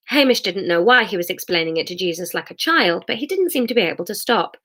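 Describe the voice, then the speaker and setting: A woman's voice: mid-range voice, animated, brisk, hardly any pauses, fairly bright tone. A woman reading a serialized comic story aloud.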